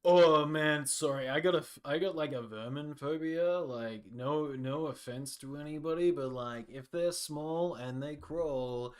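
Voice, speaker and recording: Guy doing a broke tavern bum, slow drawl, says man a lot. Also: a little high, clean tone, natural voice. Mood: apologetic. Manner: drawling slacker slang, calls everyone man. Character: broke, laid-back male tavern hanger-on.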